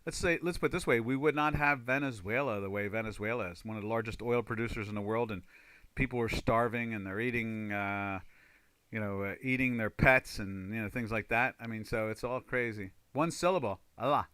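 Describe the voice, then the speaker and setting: A man's voice: fairly low pitch, a little fast, sharp tone, clean tone. A man hosting a live trading stream, chatting casually, rambling with many fillers and reading viewer comments aloud. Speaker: trading livestream host.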